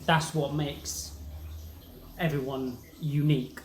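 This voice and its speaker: A woman's voice: low voice, steady tone, slow pace, roomy sound, a little hiss or hum. A young English woman with a Southern English accent, chatting emphatically about her travels. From England. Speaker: travel vlogger. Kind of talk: casual chat.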